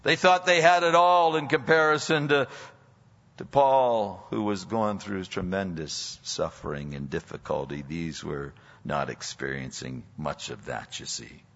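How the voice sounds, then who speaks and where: In a church sanctuary, a male pastor preaches emphatically, sometimes turning mockingly sarcastic. His voice is low, unhurried and a bit bright, and the audio is dull with a long hall reverb.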